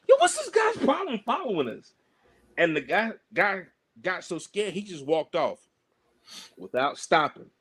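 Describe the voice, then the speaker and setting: A man with a rather high voice tells road-trip stories on a podcast. His pitch swings widely and he slips into imitations of the people he describes. His talk is loose and full of slang and fillers. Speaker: wrestler, podcast guest. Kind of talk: casual storytelling.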